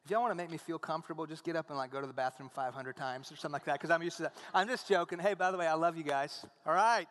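A man preaching a sermon, telling stories and acting out the dialogue in an animated way. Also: a little high, very fast, few pauses, long reverb tail, a little hiss or hum. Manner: animated storytelling, acts out dialogue.

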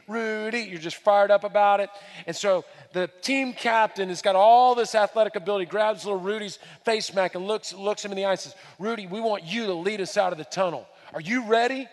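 A man preaching a sermon with emphasis, repeating key phrases and swinging between hushed and loud delivery. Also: high voice, long reverb tail. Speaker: pastor.

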